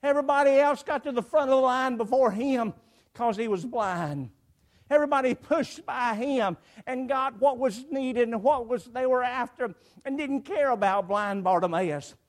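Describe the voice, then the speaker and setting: A man's voice: very high voice, normal speed. A man preaching a sermon to a congregation, emphatic, with repeated phrases and swelling cries. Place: church before a congregation.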